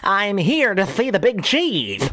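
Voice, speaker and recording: A man's voice: high voice, big pitch swings, slow pace, pushed and bright, voice pushed up, full character voice. A man voicing a brash, indignant male cartoon duck with a sputtering lisp.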